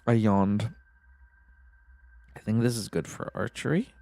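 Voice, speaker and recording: A man's voice: lowish voice, measured pace, creaky, darkish tone, no echo. A man narrating his gameplay in a rambling, musing way, often correcting himself with chuckling asides. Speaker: let's-play host.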